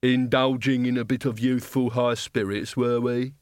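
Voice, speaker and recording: A man's voice: mid-range voice, little pitch movement, normal speed, clean tone, no room sound, studio quality, natural voice. A man doing a drawling, scornful guard captain. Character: gruff, scornful male city guard captain.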